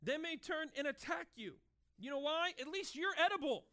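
A man in his thirties preaching a sermon in a conversational, animated way, acting out short dialogues as he goes. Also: very high voice, normal speed. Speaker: pastor.

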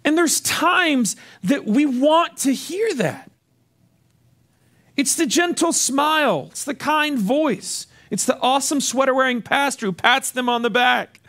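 A male pastor preaching a sermon, lively and animated, often repeating words as he restarts. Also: very high voice, a little slow.

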